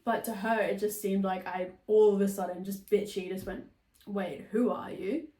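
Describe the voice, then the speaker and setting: A woman's voice: medium pitch, flat delivery, brisk, warm tone, far from the mic. A young adult woman telling a story in casual podcast chat, chatty and swearing freely. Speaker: podcast host. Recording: roomy echo.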